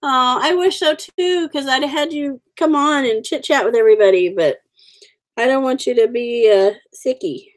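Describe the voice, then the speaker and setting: This livestream host, a woman in her forties, has a high-pitched voice and a moderate pace. Her casual live chat with viewers is friendly, rambling, and full of fillers.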